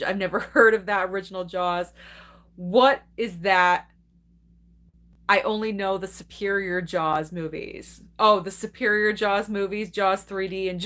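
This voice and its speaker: A woman's voice: medium pitch, fairly bright tone. A young adult woman hosting a live movie stream, chatting casually and enthusiastically while reading and answering viewer comments, laughing often.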